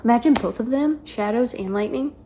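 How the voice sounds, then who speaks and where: A woman's voice: fairly high pitch, a little fast, dark tone, slight background noise, rough recording. A young woman chatting in a casual reading vlog, gushing and rambling with lots of fillers. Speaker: book vlogger.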